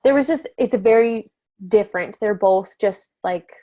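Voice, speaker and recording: A woman speaking as a podcast guest in a relaxed, candid conversation. She laughs easily and often, and her talk is full of casual fillers and restarts. The recording is dry and close, with no room sound around her. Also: medium pitch, moderate pace, no echo. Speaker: podcast guest, business coach.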